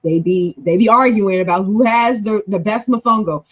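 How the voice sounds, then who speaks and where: A middle-aged woman hosting a live stream in a casual, chatty way, fast and animated, with big swings in pitch and loudness. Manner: talks fast, with self-corrections. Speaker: show host and club leader.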